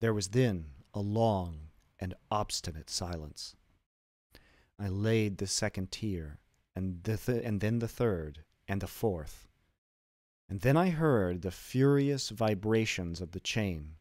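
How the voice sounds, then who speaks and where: A man narrating a classic tale in a low voice, unhurried and deliberate, lingering over each phrase. The sound is dry and close, with no room around it. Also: lively intonation, a little mellow, no room sound. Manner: slow, measured, deliberate delivery. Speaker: streamer reading classic literature. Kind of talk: dramatic reading of a classic story.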